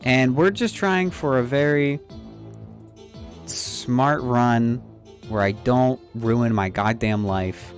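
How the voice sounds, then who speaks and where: A man's voice: medium pitch, takes it slowly, faint music behind. A man casually commenting on his game stream, joking, swearing and reading game text aloud in clipped bits. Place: home streaming setup.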